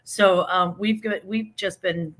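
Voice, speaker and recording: A woman's voice: mid-range voice, fairly even intonation, slow pace. A woman guest on a live stream, slightly stuffed up, chatting in a folksy, talkative way with homespun sayings. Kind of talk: casual chat.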